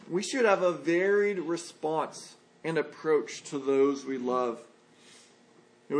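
High-voiced man preaching a sermon. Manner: earnest, measured, conversational preaching. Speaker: pastor. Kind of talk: expository sermon.

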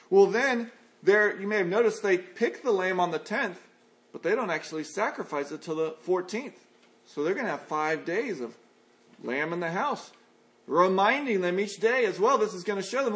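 A man's voice: sits high, lively intonation, normal speed, fairly bright tone. A man preaching a sermon, reading scripture aloud and then explaining it in a folksy, conversational way.

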